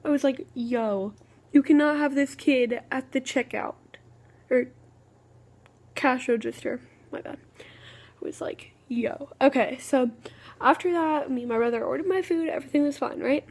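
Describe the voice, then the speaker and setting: A woman's voice: sits high, normal speed, long pauses, darkish tone. A woman, telling a rambling, exasperated story in a casual vlog. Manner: rambling, exasperated, full of "okay" restarts. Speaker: vlogger.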